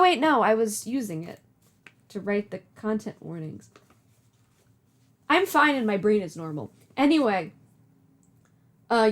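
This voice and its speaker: A woman streamer reading a webcomic aloud, with chatty, self-deprecating asides. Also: mid-range voice. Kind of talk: casual live reading with commentary.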